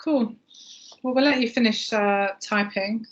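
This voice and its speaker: A woman's voice: on the high side, a little slow. Woman, webinar host, chatty and easygoing, dull lo-fi video call sound. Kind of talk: casual hosting chat.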